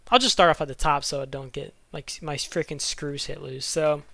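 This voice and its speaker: A gaming YouTuber rambles through casual game strategy commentary, out of breath, full of fillers, restarts, and self-corrections. His fairly high voice is creaky, bright, and forceful, with fairly even intonation at a normal speed.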